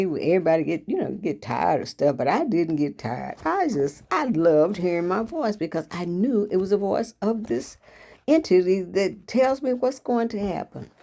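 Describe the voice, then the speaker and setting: A woman's voice: low voice, vocal fry, mellow. An older woman hosting her own show, telling stories from her life in a folksy, chatty way. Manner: folksy, chatty, repeats herself. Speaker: host and author. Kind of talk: casual storytelling monologue.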